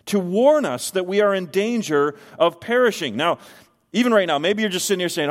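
Middle-aged pastor guy preaching, slightly high voice, slow heavy emphasis, long church echo. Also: lively intonation. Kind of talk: sermon. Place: church sanctuary. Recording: long hall reverb.

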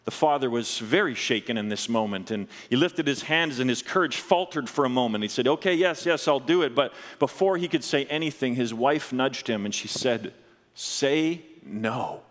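A man preaching a sermon, telling a story earnestly and dropping low and slow at solemn moments. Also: a bit bright, big-room sound. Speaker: pastor.

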